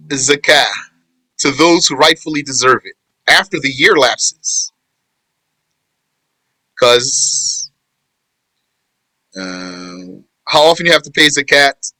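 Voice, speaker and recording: Bright, tense-voiced man teaching a class. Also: medium pitch, lively intonation, no room sound, rough recording. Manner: quizzes students and answers their replies; explains slowly, restating and correcting phrasing. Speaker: religious teacher. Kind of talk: informal class on Islamic law.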